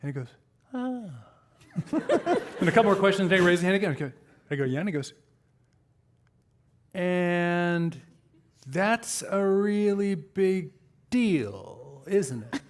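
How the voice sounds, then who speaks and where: An older man spins stories for a live audience, slipping into the voices of the people he meets. His voice sits a touch high and he keeps things loose and conversational. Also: normal speed, pauses often. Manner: animated anecdotes, acting out quoted people. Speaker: co-author and speaker. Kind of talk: storytelling at a live talk.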